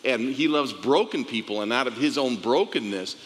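A man speaking about an old friend, halting and repeating words as he searches for them. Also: medium pitch, lively intonation. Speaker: guest, longtime friend of the pastor. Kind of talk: heartfelt tribute. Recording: long hall reverb, faint ambience.

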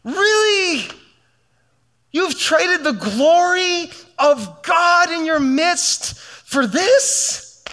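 Exasperated scolding God , played by a male preacher, very high, incredulous. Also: animated, drawn-out words, sharp tone, full character voice. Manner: incredulous, emphatic questions.

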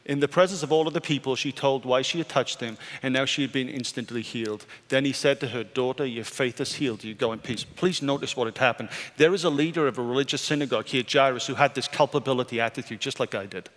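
A male pastor preaching a sermon, moving between urgent raised questions and quiet, hushed statements. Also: medium pitch, quick pace, hardly any pauses. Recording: church hall reverb with soft music.

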